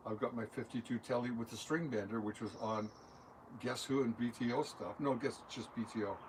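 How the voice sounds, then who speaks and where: An older musician is interviewed in a recording studio, answering in a loose, rambling way full of anecdotes and talking with his hands through examples. His voice is medium-pitched and fairly quick, with steady background noise in the recording.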